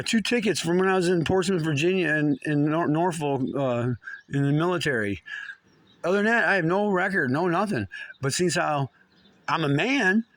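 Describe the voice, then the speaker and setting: Agitated, foul-mouthed man ranting. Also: fairly high pitch. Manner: profane, rambling, agitated. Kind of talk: casual monologue.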